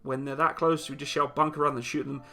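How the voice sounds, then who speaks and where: This British livestream host reads out viewers' questions and gives blunt, sometimes teasing answers. His mid-range voice is level in tone, fast, and pushed and bright.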